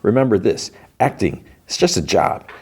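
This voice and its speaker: A man's voice: fairly low pitch, very animated, normal speed, vocal fry, a little mellow, slightly rough, voice pushed up, exaggerated voice. A man putting on a cocky veteran actor. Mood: lecturing. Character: brash aging male veteran actor, cocky.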